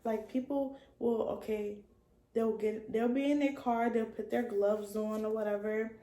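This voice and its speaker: A young woman in her early twenties telling a casual storytime vlog, in slangy talk full of "like" that sometimes trails off soft. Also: a little high, fairly even intonation, unhurried. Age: young adult. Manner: casual slangy talk with many likes, drifting soft at times. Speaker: vlogger. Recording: echoey room with faint ambient noise.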